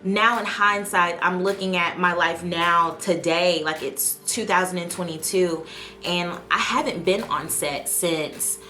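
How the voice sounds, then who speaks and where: Lower-pitched woman chatting heartfelt to camera. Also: measured pace, sharp tone, faint music behind. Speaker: vlogger and aspiring actress. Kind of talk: casual chat to camera.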